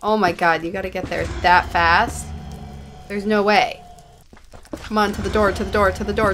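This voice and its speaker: A woman's voice: mid-range voice, level tone, moderate pace, long pauses, fairly bright tone, faint music behind. A woman giving running commentary on her own gameplay, exasperated and self-mocking as she fails and retries. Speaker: gaming channel host.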